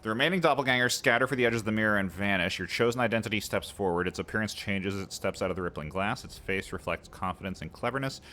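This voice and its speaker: A man's voice: fairly low pitch, fast talker, hardly any pauses, sharp tone. A man hosting a let's play, reading the game's text aloud and breaking off for playful, chatty asides to his viewers.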